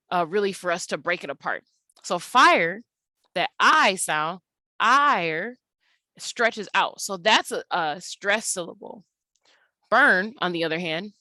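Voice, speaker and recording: A woman's voice: medium pitch, bright, forceful tone, no echo. A young woman teaching an English lesson over slides, explaining casually and saying words aloud to show their rhythm. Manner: conversational, with fillers.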